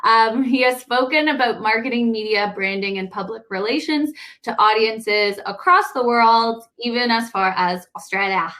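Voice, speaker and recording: Woman, bubbly, chatty, bright tense voice, webinar intro. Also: a little high, moderate pace. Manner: bubbly, enthusiastic, says "like" and "guys". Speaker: co-host introducing the speaker. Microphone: online video call.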